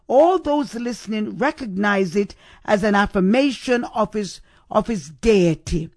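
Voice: mid-range voice, no echo, clean studio sound. A preacher giving a sermon, stressing points and repeating key questions for emphasis.

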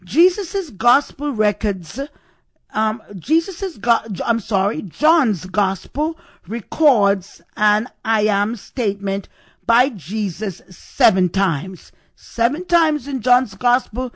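Slow, emphatic preacher with a dry close sound. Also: medium pitch, animated, fairly bright tone, no echo. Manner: emphatic, repeats key questions for stress. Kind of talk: sermon.

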